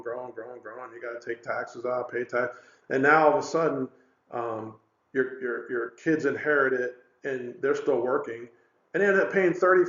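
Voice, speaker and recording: A financial advisor man presents a webinar in a relaxed, conversational way, full of fillers and little stories. His voice sits at an ordinary pitch for a man. The sound is roomy and a little dull. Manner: conversational, animated storytelling with many fillers.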